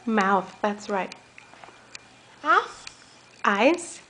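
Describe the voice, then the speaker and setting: A woman using slow, sing-song baby talk as she coaxes a toddler at home, recorded on a home video camera. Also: mid-range voice, lively intonation, a bit bright, a little hiss or hum. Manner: sing-song, coaxing, playful. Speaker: caregiver playing with a toddler.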